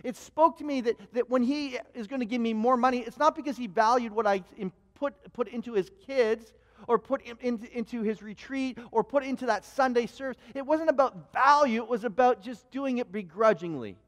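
A high-pitched man delivers a sermon as a running personal story. He talks animatedly and often stumbles, repeating words and restarting sentences. His voice rings with a long reverb from a church hall. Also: brisk. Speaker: pastor.

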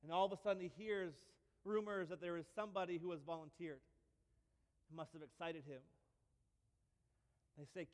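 A male pastor giving a sermon in a church, telling stories with lively humor and repeated phrases. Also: high-pitched, moderate pace, long pauses, big-room sound. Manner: animated storytelling with repeats and humor.

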